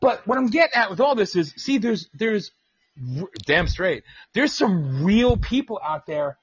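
A man's voice: high voice, lively intonation, unhurried, breathy edge, dull audio. A man hosting a radio talk show, telling stories in a casual, profane way and mimicking the people he quotes. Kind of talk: casual political radio chat.

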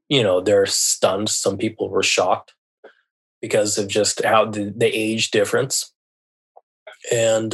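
Podcast guest: man, lowish voice, earnest, halting storyteller. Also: fairly bright tone. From United States. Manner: halting and earnest, often restarting phrases. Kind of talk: personal storytelling in an interview.

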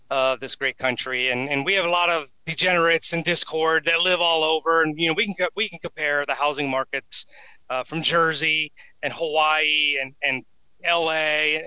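A man's voice: on the high side, pushed and bright, smooth, no room sound, rough recording. A man co-hosting a sports podcast, rambling in a chatty way. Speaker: podcast co-host. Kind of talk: casual sports podcast banter.

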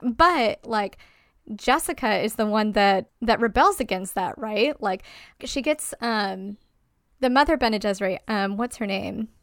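Woman on a podcast, super animated, swears a lot, smooth voice, dry sound. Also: medium pitch, a little slow, dry recording. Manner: animated, swears freely, many fillers. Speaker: podcast co-host. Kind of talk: casual discussion.

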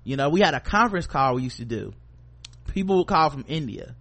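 A man's voice: a little high, very animated, a little fast, fairly bright tone. A man co-hosting a podcast, telling a work story in casual chat, acting out coworkers in quoted voices and swearing freely. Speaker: podcast co-host.

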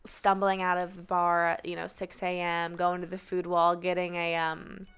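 A young woman from Arizona talking as a podcast guest in a casual, animated way, full of "like" and "dude". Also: lowish voice, normal speed, clear, resonant tone. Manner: animated, chatty, heavy on "like" and "dude".

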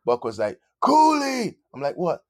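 A London-raised man in his fifties speaks with a fairly low voice and a light London accent. He tells stories in an easy, laughing way and acts out other people's lines. The sound is dry and close. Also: normal speed, a little mellow, dry recording. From London, England. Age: 50s. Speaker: musician guest. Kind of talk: casual interview storytelling.

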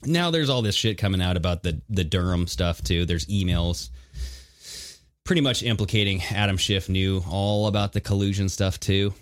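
A man co-hosting a casual political podcast, talking in an animated, mocking way and laughing often. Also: sits low, normal speed. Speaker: podcast co-host.

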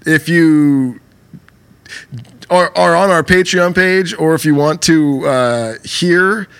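A man's voice: a little high, slow, a bit bright, smooth. A young man co-hosting a casual podcast, reading out listener questions and laughing often.

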